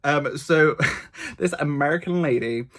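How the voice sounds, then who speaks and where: A man's voice: fairly high pitch, unhurried. Chatty man telling a travel story. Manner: chatty, gossipy, animated storytelling, many fillers. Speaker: travel vlogger. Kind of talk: casual storytelling vlog. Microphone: camera mic, talking to camera.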